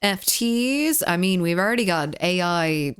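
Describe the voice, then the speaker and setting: A woman's voice: lowish voice, expressive, unhurried, clear, resonant tone, no echo, studio quality. A woman streaming a game, chatting casually, giggling often as she reads chat messages aloud and answers them. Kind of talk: casual live-stream chat while gaming.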